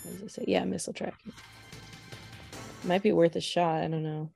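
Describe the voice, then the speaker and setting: A woman's voice: on the low side, fairly even intonation, brisk, vocal fry, warm tone. A woman guest on a gameplay livestream, coaching and cheering the player and laughing often. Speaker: guest, convention organizer. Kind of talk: casual gameplay livestream chat. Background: game music.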